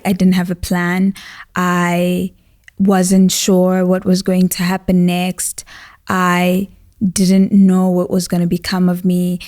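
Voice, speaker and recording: A woman's voice: on the low side, warm tone. A woman hosting a podcast, telling a reflective faith story in a thoughtful way with frequent "um" and "like". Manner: thoughtful, unhurried, lots of "um" and "like". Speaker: podcast host.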